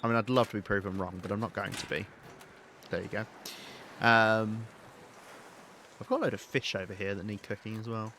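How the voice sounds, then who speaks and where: Low-voiced man chatting through a game. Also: steady tone, fairly quick, long pauses, sharp tone, slight background noise. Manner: chatty, rambling, thinks aloud while playing. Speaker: game streamer. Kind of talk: live-streamed let's play commentary.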